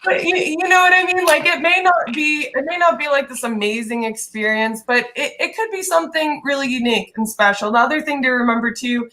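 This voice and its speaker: A woman talking casually on a podcast, chatty and quick to laugh. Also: high-pitched, bright, forceful tone. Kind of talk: casual chat.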